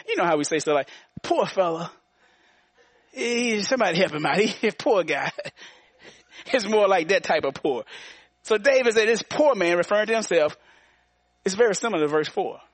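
A man of about sixty preaches with a high-pitched voice, repeating his points and calling on the congregation to respond. The sound is close and dry, with little room echo. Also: fairly bright tone. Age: around 60. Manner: repetitive call-and-response preaching with frequent laughs. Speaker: pastor. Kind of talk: sermon.

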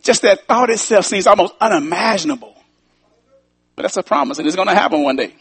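High-voiced preacher building up. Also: male voice, lively intonation, fairly quick, breathy edge. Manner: repeats key lines, builds to shouts, folksy asides. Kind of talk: sermon.

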